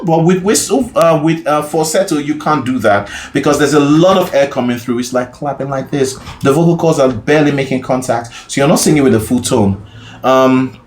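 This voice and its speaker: A man's voice: mid-range voice, fairly quick, echoey room, a little hiss or hum. A man teaching a singing lesson as a vocal coach, explaining casually and often checking in with the listener. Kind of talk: singing lesson with sung demonstrations.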